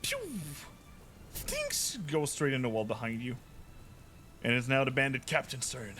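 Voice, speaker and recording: A man running a tabletop game as game master, chatty and quick to laugh, often making sound effects. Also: mid-range voice, pushed and bright, slight background noise.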